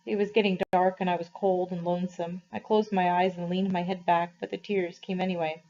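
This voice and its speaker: Woman teacher, novel read-aloud for students, measured and expressive, dull lo-fi sound. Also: on the low side, a little hiss or hum. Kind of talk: reading a novel aloud to a class. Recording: slightly muffled, dull recording.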